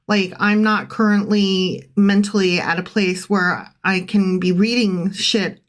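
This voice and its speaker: A woman's voice: medium pitch, steady tone, measured pace. A woman co-hosting a podcast who reads scripture aloud and comments on it in a casual, sarcastic, irreverent way. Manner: sarcastic, irreverent, chatty with frequent "like". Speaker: podcast co-host.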